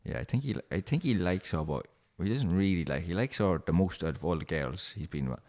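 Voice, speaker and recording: A man's voice: low-pitched, lively intonation, fairly quick, a little mellow. A man co-hosting a casual podcast chat, bantering, swearing freely and laughing often. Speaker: podcast co-host.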